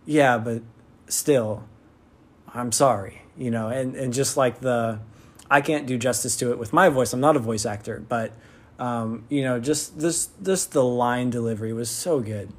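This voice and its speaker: Male fan reviewer, casual and rambling, mid-pitched voice, eager about the show. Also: normal speed. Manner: rambling, full of "like" and restarts; enthusiastic fan. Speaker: TV episode reviewer. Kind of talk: casual spoken episode review.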